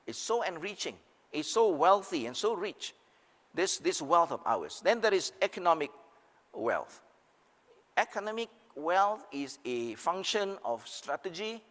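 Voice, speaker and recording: A man's voice: mid-range voice, fairly bright tone, in a large hall. An older man, giving an emphatic speech as a panelist, rising and falling on rhetorical questions. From Singapore. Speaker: seminar panelist. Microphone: video call.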